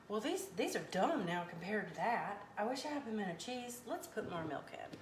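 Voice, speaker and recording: A woman's voice: mid-range voice, moderate pace, hardly any pauses. Chatty woman in an echoey kitchen. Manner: chatty, folksy, animated. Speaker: cooking livestream host. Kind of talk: casual live cooking chat, reading viewer comments. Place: home kitchen. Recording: echoey kitchen with faint background noise.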